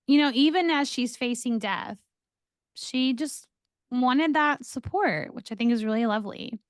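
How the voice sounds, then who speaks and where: A woman's voice: high voice, measured pace, no room sound, clean studio sound. A woman co-hosting a podcast, chatting casually and recapping a TV episode with lots of filler words. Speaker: podcast co-host.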